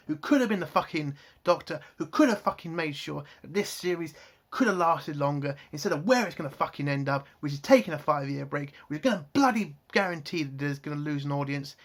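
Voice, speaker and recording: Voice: mid-range voice, animated, a little fast. A reviewer recapping a TV episode in a casual spoken review, ranting angrily with heavy swearing. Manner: angry, profane ranting.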